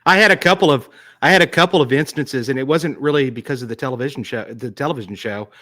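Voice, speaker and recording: A man hosting a casual interview, a police detective who tells stories with halting restarts. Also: mid-range voice, pushed and bright, no echo, clean studio sound. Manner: halting, frequent restarts while recounting. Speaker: podcast host, police detective.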